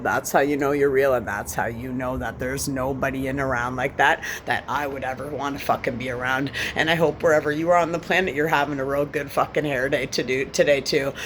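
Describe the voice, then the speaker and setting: A woman's voice: extremely low pitch, slight background noise. A woman in her forties in a scattered, profane, mocking rant, defiant and sneering. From Canada. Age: 40s. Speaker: vlogger. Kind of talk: ranting vlog monologue.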